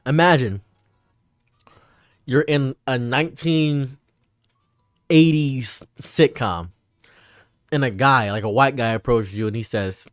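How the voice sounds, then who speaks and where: A young man chatting casually on a live stream, animated, rambling and laughing often. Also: mid-range voice, slow, pauses often, no echo, studio quality, faint music behind.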